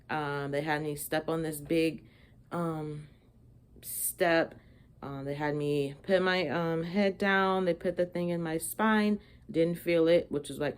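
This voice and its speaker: Young woman, low voice, casual chatty vlogger telling a story, lots of fillers. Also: darkish tone.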